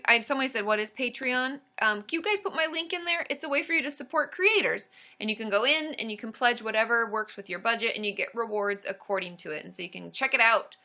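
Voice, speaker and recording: A woman hosting a casual livestream as a counselor, bubbly and excitable, cheering along with sound effects. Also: medium pitch. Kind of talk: casual livestream chat with viewers.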